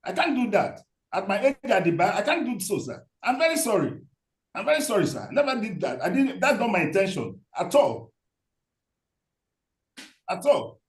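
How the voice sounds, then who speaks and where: A man's voice: sits high, very animated, normal speed, pauses often. A man, a lawyer addressing the court, stammering and apologetic. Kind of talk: courtroom proceedings. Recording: roomy courtroom echo.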